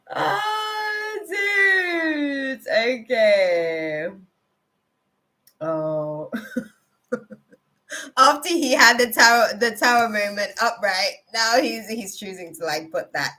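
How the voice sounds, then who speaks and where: A woman's voice: medium pitch, lively intonation, takes it slowly, pushed and bright. A woman hosting a live tarot reading, chatting casually and laughing often as she talks. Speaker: tarot reader, live-stream host.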